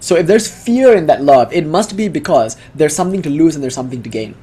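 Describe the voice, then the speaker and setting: A man giving a casual, animated talk, full of asides, fillers and restarts. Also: fairly high pitch, fast talker, slightly rough. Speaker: speaker giving a devotional talk. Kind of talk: casual lecture.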